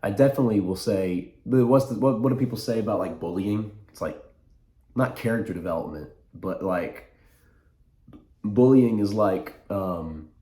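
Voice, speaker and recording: A man's voice: fairly low pitch, dark tone. Rambling young man, roomy echo. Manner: reflective, halting, restarts sentences. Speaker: vlogger. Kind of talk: rambling casual vlog to camera. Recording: echoey room.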